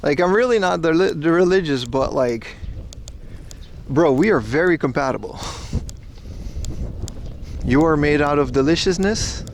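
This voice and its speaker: A man's voice: a little high, animated, a little slow, long pauses, a little hiss or hum. A man from the Netherlands with a Dutch accent, chatting casually and rambling to his livestream audience while walking outdoors and through a supermarket. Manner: rambling, chummy, addressing chat as bro. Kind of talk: casual IRL livestream chat.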